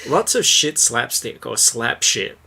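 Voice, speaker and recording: Man hosting a book podcast, bright tone, very lively pitch, sarcastic asides, casual. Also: measured pace, creaky, breathy edge. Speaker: podcast host. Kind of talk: casual chat and reading aloud.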